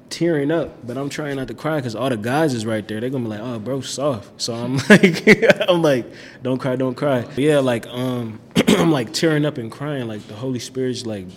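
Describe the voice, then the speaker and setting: Young guy chopping it up, slangy n loose, mid voice, echoey room w faint hum behind. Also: mid-range voice. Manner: slangy, laid-back, lots of "like" and "bro". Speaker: guest telling his faith story. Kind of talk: casual storytelling.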